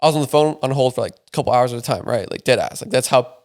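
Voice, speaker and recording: Speaking rapidly in a medium-pitched, slightly mellow voice with vocal fry, a young man tells a story during a casual podcast chat. The guest, a young adult, curses frequently and leans heavily on filler words.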